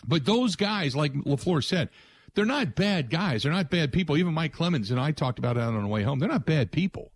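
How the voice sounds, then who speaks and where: A man's voice: fairly high pitch, lively intonation, brisk, no room sound. A man hosting sports talk radio, delivering a blunt, emphatic opinion monologue with frequent restarts.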